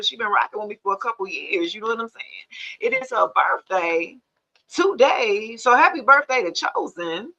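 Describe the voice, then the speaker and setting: A woman's voice: fairly high pitch, sharp tone. Chatty woman on a livestream. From Georgia, USA. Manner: chatty, laughs often, greets viewers by name. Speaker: tarot reader hosting a livestream. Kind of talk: casual livestream chat with viewers.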